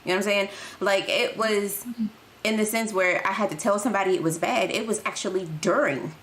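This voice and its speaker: A woman's voice: mid-range voice, fairly quick, fairly bright tone. A woman co-hosting a podcast, telling a story bluntly in casual slang. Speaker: podcast co-host.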